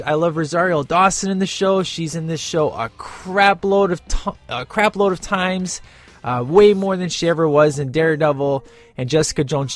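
Emphatic ranting male podcast host. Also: on the high side. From United States. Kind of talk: casual show review and rant.

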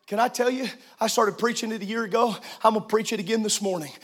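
High-voiced gravelly preacher man. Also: fast. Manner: shouted, sing-song preaching that swings loud and soft. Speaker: pastor. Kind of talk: sermon. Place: church.

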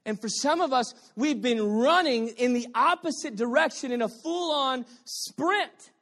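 At a normal speed and in an extremely high-pitched voice, a male pastor preaches animatedly and playfully. Quiet asides give way to shouted points, and he banters with his congregation throughout.

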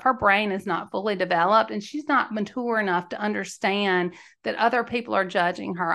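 Here a woman hosts a podcast, chatting emphatically through a candid storytelling monologue and breaking into laughter partway through sentences. Her mid-range voice is bright and forceful, edged with vocal fry.

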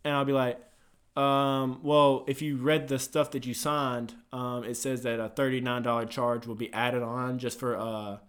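A man's voice: mid-range voice, flat delivery, normal speed. A young man who works a gym front desk, telling work stories in a casual, profane chat and acting out callers.

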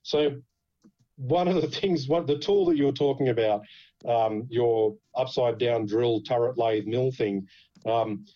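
A man's voice: medium pitch, unhurried, mellow, dull audio. A man with an Australian accent hosting a podcast, telling stories in casual chat, swearing freely and laughing as he goes. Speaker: podcast host.

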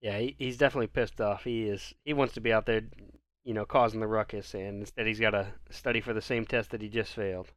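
A man's voice: on the low side, fairly even intonation, quick pace, dry recording. A man co-hosting a casual podcast, agreeing easily and adding short comments. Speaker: podcast co-host. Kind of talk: casual chat.

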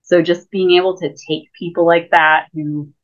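A woman with a low voice talks as an interview guest, explaining casually and peppering her speech with fillers. Her audio comes through a thin, phone-like remote call line. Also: steady tone, normal speed. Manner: chatty, explains with many fillers. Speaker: guest, lightsaber school founder.

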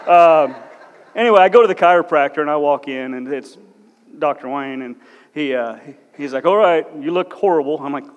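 Joking cop speaking in an echoey church. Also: male voice, fairly high pitch, brisk, clear, resonant tone, dull audio. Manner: self-deprecating, joking, admits nerves; blunt, no-nonsense. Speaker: guest speaker, police officer. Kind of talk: humorous church talk with personal stories. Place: large church hall. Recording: echoey church hall with long reverb.

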